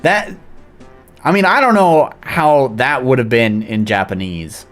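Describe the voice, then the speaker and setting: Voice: mid-range voice, lively intonation, unhurried, faint music behind. A streamer giving blunt, sarcastic, swearing commentary during a live game playthrough.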